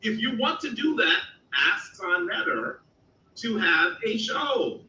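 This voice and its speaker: A man's voice: high-pitched, lively intonation, takes it slowly, pushed and bright, a little hiss or hum. A man hosting a heated live debate, insistent and cutting in to demand evidence, heard as distant, echoey call audio. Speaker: host of a debate show.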